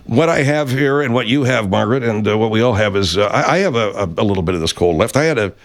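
Comedy talk radio host, male, animated pitch, earnest delivery full of hesitations. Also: fast. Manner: hesitant, restarting, mock-earnest.

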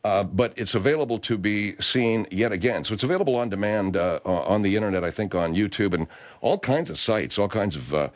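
A man's voice: fairly low pitch, expressive, brisk. A man hosting a radio talk show, rambling and hesitant as he chats. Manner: rambling, hesitant, lots of restarts.

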